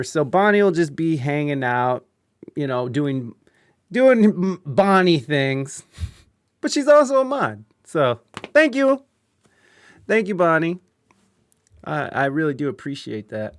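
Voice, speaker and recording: A man's voice: on the high side, expressive, unhurried, clear, resonant tone, no echo, clean studio sound. A man hosting a live-streamed podcast, chatting casually and venting about technical trouble, swearing and rambling with lots of fillers. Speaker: podcast host. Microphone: video call.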